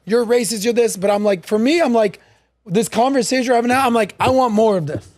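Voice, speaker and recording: A man hosting a casual podcast chat, telling stories in an animated way, acting out what others said and swearing casually. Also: very high voice, fast, no room sound, studio quality. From United States. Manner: animated storytelling, acts out quoted voices, swears casually. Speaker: podcast host.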